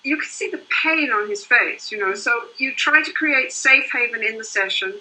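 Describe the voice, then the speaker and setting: A woman's voice: fairly high pitch, animated, moderate pace, sharp tone, low-quality recording. An older woman, a couples therapist, explaining her work in earnest, flowing interview answers. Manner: earnest, explains in long flowing runs with "you know" and "right?".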